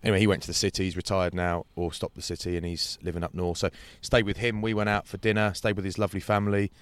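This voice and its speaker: A man's voice: low-pitched, flat delivery, fast, clean tone, dry recording. A man hosting a podcast, telling rambling, slangy anecdotes in casual chat. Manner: rambling storyteller, swears, slangy. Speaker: podcast host.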